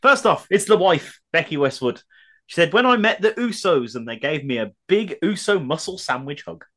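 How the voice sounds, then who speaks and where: Animated man, lively pitch. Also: moderate pace. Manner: laughing often, animated storyteller. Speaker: podcast co-host. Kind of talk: casual chat.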